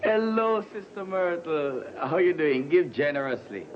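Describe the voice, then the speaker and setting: A man's voice: a little high, animated, a little slow, muffled recording. A man with a Jamaican accent, playing a sly church treasurer in a comedy sketch with sing-song greetings. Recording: noisy ambience.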